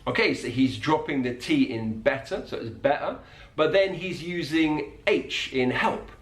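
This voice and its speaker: Patient male accent teacher, echoey room. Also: fairly high pitch. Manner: clear, patient, demonstrates sounds slowly. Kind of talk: explanatory video lesson.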